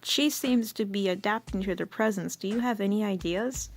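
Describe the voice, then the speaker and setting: A woman's voice: mid-range voice, moderate pace, natural voice. A woman voicing a worried teen friend who speaks earnestly.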